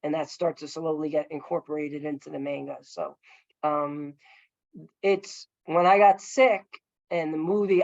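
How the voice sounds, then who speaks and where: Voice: mid-range voice, fairly even intonation, a little slow, a little mellow, no room sound, lo-fi sound. A filmmaker telling a long story over a video call, earnest and rambling, with many fillers and restarts. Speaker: filmmaker guest.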